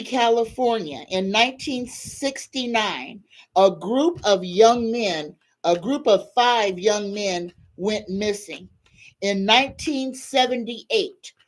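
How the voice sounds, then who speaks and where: A woman hosting a live tarot reading, who leads prayers and reads viewers' questions aloud in a prayerful way. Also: mid-range voice. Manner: slow, prayerful invocations and spoken-aloud questions. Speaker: psychic tarot reader hosting a live stream.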